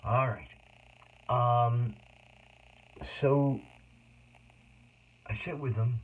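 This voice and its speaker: A man telling a personal story in a rambling, emotional monologue with sudden loud outbursts. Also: medium pitch, drawn-out words, pauses often, slightly rough. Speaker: autobiographical storyteller. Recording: tinny phone-like noisy recording.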